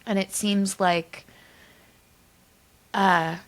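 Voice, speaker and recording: A woman podcast host speaks with open, gushing encouragement, praising her guest's story and work. Her voice sits at an ordinary middle pitch. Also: fairly even intonation, very slow. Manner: warm, effusive and encouraging. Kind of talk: conversational interview.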